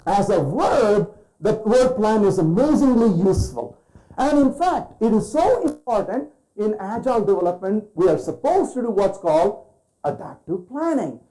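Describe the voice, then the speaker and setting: A man's voice: high voice, very animated, normal speed, dark tone, rough recording. A man giving a conference keynote, firing rhetorical questions at the audience and acting out quoted voices. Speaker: keynote speaker.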